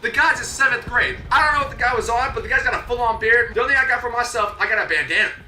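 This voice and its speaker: A young man telling a comedic story, animated and slangy, acting out his own voice and his coaches' voices. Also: very high-pitched, rapid-fire. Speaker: YouTuber. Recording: echoey room, a bit distant from the mic, faint music.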